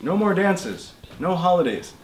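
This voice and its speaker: A man's voice: high voice, sing-song, unhurried, pitched above the performer's own voice. A man reading the part of a stubborn old immigrant grandfather who talks in clipped, emphatic English. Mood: indignant. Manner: emphatic, insistent, raised and louder voice. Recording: roomy bookshop with faint noise.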